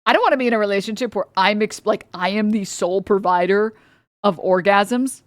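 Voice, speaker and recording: A woman's voice: medium pitch, moderate pace, no room sound. Incredulous, swearing woman streamer. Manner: incredulous, profane ranting. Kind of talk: live-stream reaction commentary.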